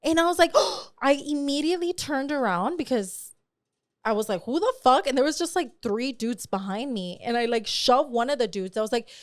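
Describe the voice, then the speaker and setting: A young woman co-hosting a podcast, telling stories in an animated, casual way, full of swearing and slang. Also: sits high, normal speed, no room sound, clean studio sound. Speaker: podcast co-host. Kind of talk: casual chat.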